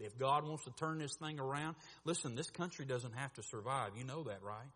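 A man preaching a sermon, animated, acting out voices in his stories and swinging from quiet asides to loud bursts. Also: mid-range voice, moderate pace. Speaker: pastor. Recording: echoey hall reverb.

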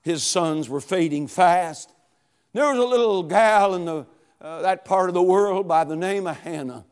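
A middle-aged man preaching a sermon, telling a story dramatically, dropping to a hush and then rising to a shout. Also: high-pitched, a little slow, clean tone. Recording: long hall reverb.

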